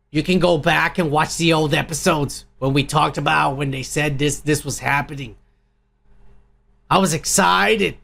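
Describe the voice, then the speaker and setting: A man with a gravelly, crackling voice tears into a film trailer, crude and heated, swearing at every turn. His voice sits high for a man. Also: pushed and bright. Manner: angry, crude, swears constantly. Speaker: podcast host. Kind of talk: profane ranting movie review.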